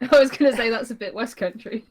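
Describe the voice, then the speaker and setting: A woman's voice: on the high side, moderate pace. A woman co-hosting a games podcast, chatting casually and teasing with frequent laughs. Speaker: podcast co-host. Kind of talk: casual chat.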